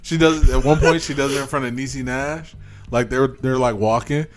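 A man's voice: medium pitch, fairly quick, soft background music. A man co-hosting a casual film review podcast, telling stories animatedly and laughing as he goes. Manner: animated storyteller, acts out scenes and laughs. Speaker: podcast co-host.

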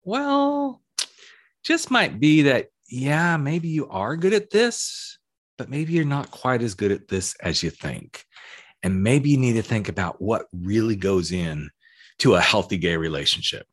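A man's voice: animated, normal speed, a bit bright, slightly rough. A man over forty who grew up in the American South, hosting a solo advice podcast in a chatty, cheeky, emphatic way. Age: 40s or older. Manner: chatty, cheeky and emphatic, with swings in pitch and pace. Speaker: podcast host.

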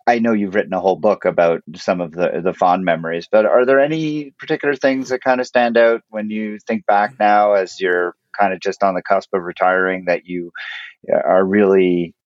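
Low-voiced male interviewer, dull sound. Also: no room sound. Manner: long rambling questions. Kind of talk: interview questions.

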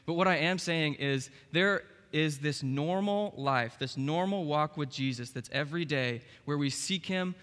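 A man's voice: on the high side, a bit bright. A young man preaching a sermon as pastor, in a casual, conversational way with frequent "like" and "okay". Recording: long reverb of a large hall.

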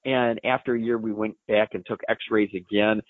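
Low-voiced man explaining over a phone line. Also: little pitch movement, moderate pace, no room sound. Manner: folksy, explanatory, lots of fillers. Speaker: equine science expert. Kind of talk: answering listener questions on a live show.

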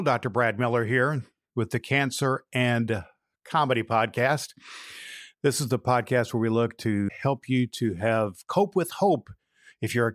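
Earnest retired pastor hosting a podcast. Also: male voice, medium pitch, no room sound, clean studio sound. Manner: earnest storytelling with restarts. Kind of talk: casual podcast monologue.

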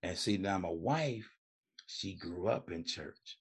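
Slow and expressive, a middle-aged recovery coach speaks in a low, husky voice while telling his story on a podcast. The interview is casual, and he's colloquial, imitating people he quotes and repeating "man" and "you know."

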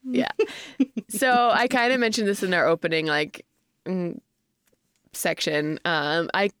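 A woman's voice: fairly low pitch, a little slow, fairly bright tone, clean tone, dry recording, studio quality. A young woman co-hosting a casual parenting podcast, rambling and laughing often. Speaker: podcast co-host. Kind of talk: casual chat.

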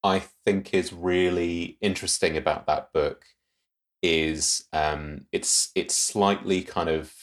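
A man chatting on a podcast, enthusing about comics between many ums and pauses. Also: low-pitched, fairly even intonation. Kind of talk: casual chat.

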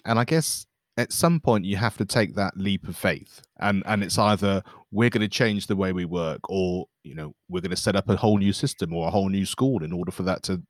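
A man with a very low voice hosting an interview, recorded dry and close with no room sound. He muses thoughtfully and at length, stumbling and restarting as he builds his questions. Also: brisk, few pauses, no room sound. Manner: thoughtful, rambling, many hesitations and restarts. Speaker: podcast host. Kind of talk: casual conversational interview.

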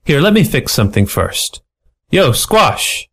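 A man voicing a small, sardonic male ferret private eye with a hardboiled, fast-talking manner. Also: mid-range voice, sing-song, fairly bright tone, slightly rough, pitched above the performer's own voice, heavily acted. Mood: wry.

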